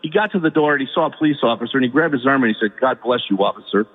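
A man calling in to a radio talk show, telling a story in a halting, emotional way. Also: medium pitch, slightly rough. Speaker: caller. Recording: phone line with long reverb.

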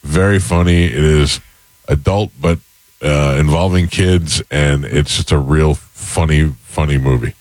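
A man's voice: very deep voice, a little slow, darkish tone, no room sound. A man co-hosting a casual radio show, chatty and self-deprecating. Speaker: radio co-host.

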